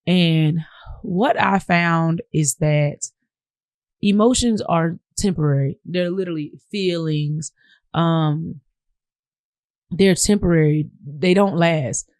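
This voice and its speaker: Her voice is on the low side and darkish, and she speaks slowly on a clean studio recording with no echo. She's a Southern US podcast host giving a casual, conversational monologue and addressing her listeners as "y'all."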